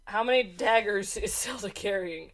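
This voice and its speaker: A woman's voice: medium pitch, moderate pace. A woman running a gamebook adventure as game master, reading aloud casually and laughing between lines.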